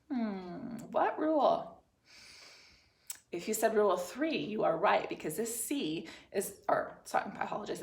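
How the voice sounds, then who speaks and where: A woman teaching third graders a spelling lesson, dictating words slowly and clearly in an encouraging way. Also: mid-range voice, a little hiss or hum. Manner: slow, clear, encouraging classroom delivery. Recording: roomy echo.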